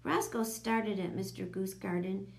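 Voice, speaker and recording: A woman's voice: mid-range voice, steady tone, moderate pace, vocal fry, darkish tone, lightly acted. Storybook schoolgirl, whiny and indignant, voiced by a woman. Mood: tattling. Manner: complaining, indignant. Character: young girl pupil, whiny tattletale.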